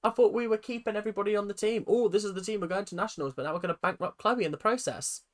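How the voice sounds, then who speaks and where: A woman with a British accent hosting a reaction video, ranting in an animated, sarcastic and exasperated way. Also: medium pitch, very fast.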